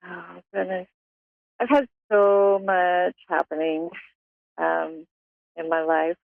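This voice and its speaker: A woman's voice: fairly low pitch, fairly even intonation, slow, creaky, no room sound. Hesitant woman caller, heard over a thin, dry phone line.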